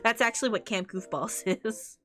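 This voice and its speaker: A woman's voice: a little high, normal speed, a bit bright, faint music behind. A woman streamer in a casual, rambling chat, often breaking into laughter.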